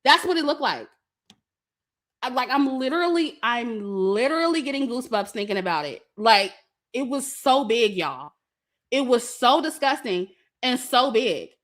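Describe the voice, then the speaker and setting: Her voice sits a little high, swings widely in pitch, and has a fairly bright tone at a moderate pace. This young vlogger shares a profane, casual story with viewers, laughing a lot and performing her family's lines.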